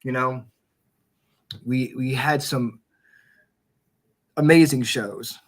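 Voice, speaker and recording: Male podcast host, mid-pitched, relaxed rambling chat with swearing. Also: slow pace. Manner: loose, swearing, rambling storytelling. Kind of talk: casual chat.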